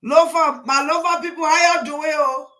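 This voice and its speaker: A woman, hosting a casual live stream and greeting viewers one by one in a rambling way, with sudden loud bursts. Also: high voice, steady tone, normal speed.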